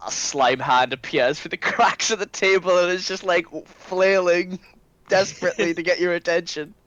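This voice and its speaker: A man's voice: high voice, fairly even intonation, moderate pace, fairly bright tone, dry recording, highs cut off. A man playing a tabletop game, speaking in a hesitant, sheepish way. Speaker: player.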